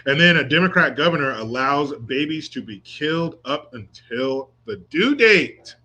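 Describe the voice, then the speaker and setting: Brief: male commentary host, profane and sarcastic, bright, forceful voice. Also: on the high side, animated, moderate pace. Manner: crude, sarcastic, mocking, profane. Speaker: host reading live chat. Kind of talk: political commentary livestream.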